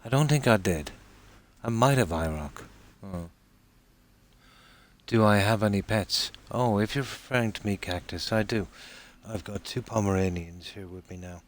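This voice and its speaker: A man streaming a video game from home, chatting softly and unhurriedly with viewers about the game and his pets. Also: fairly low pitch. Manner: soft-spoken, talks quietly so sleeping dogs stay asleep; relaxed and unhurried, with fillers. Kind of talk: casual gameplay commentary. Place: home room.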